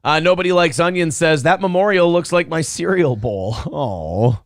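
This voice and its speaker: A man's voice: a little high, expressive, moderate pace, no room sound, clean studio sound. A man co-hosting a casual morning live stream, reading viewer messages aloud and trash-talking rivals with brash, boastful swagger. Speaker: co-host of a morning show.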